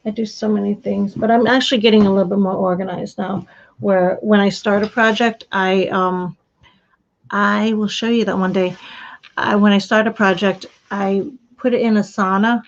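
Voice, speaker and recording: A woman's voice: medium pitch, fairly even intonation, moderate pace, vocal fry, muffled recording. A woman hosting a casual knitting live stream, chatting in a rambling, friendly way and answering viewers as she shows her supplies. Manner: rambling, chatty, with frequent restarts and laughs. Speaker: knitting podcast host.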